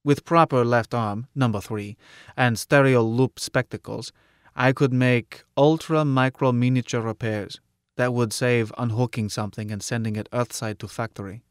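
A man's voice: medium pitch, steady tone, moderate pace, clean tone, dry recording, studio quality. A man narrating an audiobook in the first person, in clipped sentences that often drop their articles.

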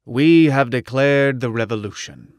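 A composed older male professor, voiced by a man narrating a story lays out plans in a firm, measured manner at a middle pitch. The recording is dry and intimate. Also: lively intonation, no echo, lightly acted. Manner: measured and formal. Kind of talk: audiobook narration.

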